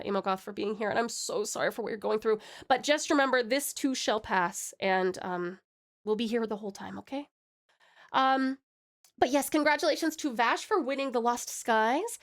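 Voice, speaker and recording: In a casual live-stream chat, a young American-accented woman talks to viewers through a home desk mic. Her fairly high, fairly bright voice is bubbly and giggly, and she affectionately calls them pet names.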